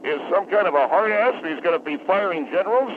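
A man's voice: sits high, expressive, quick pace. A man playing a hesitant, deferential phone caller in a comedy radio bit. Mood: earnest. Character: meek patriotic male caller on the phone. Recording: tinny phone line with faint hiss.

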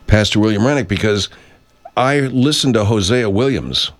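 A male radio host with a very low voice talks off the cuff. He wanders from point to point, restarts often and drops casual profanity. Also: normal speed. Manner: meandering, self-interrupting, swears freely. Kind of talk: rambling casual monologue.

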